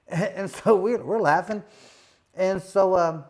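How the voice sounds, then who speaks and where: A middle-aged man tells a story in a relaxed, chatty way, with a voice pitched a little above most men's. He fills his speech with repeated fillers and slips into lively impressions of the people he quotes. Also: unhurried. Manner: animated, acts out quoted voices, many fillers. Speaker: host, former boxing champion. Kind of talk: casual storytelling.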